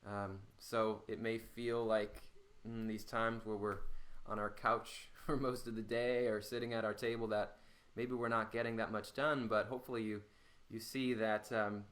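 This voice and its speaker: A man leading a guided voice warmup as a voice teacher, talking in a slow, calm way. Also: lowish voice. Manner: slow, calm guiding, with loud called-out "hey"s. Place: home room during the pandemic. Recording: echoey room, mic at a distance.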